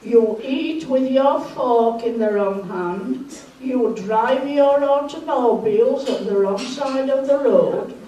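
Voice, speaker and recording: A woman telling jokes to a party crowd at an easy, unhurried pace, putting on the characters' lines. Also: high voice, mellow, dull audio, a little hiss or hum. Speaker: joke teller at a party. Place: large room at a Christmas party. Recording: echoey room, recorded from a distance.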